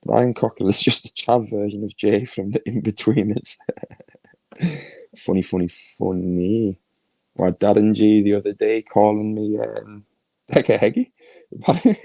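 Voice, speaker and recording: Gravelly Scouse man ranting on stream. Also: lowish voice, unhurried, dark tone, no room sound, poor audio. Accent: Liverpool (Scouse). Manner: crude, mocking, laughs often. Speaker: livestream host. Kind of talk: casual ranting livestream.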